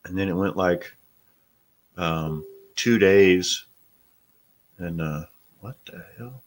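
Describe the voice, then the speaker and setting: A man's voice: low-pitched, takes it slowly. A middle-aged man hosting a casual live stream, talking bluntly and swearing freely. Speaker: host.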